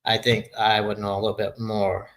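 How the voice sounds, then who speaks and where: A gravelly, fairly low-pitched man in his sixties, hosting a casual live chat. He speaks in a flat, even tone and rambles, often losing his train of thought. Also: moderate pace, rough recording. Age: 60s. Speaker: livestream host.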